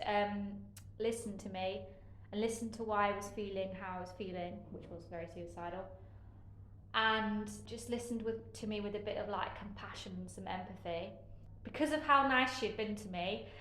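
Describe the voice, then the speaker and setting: A woman recounts her experiences candidly, pausing and hedging with fillers as she goes. A sarcastic edge creeps into her frankness. Her voice carries an echoey room sound with faint background noise. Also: mid-range voice, a bit bright. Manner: frank, halting, with many fillers. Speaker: interviewee sharing care experiences. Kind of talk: candid personal account.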